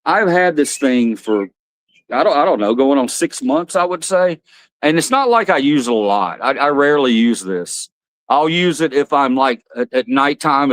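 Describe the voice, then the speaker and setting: Male streamer, rambling and frank, mid-pitched voice, dry recording. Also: animated, moderate pace, no room sound. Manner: rambling, blunt, swears freely. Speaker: livestream host. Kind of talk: casual livestream chat.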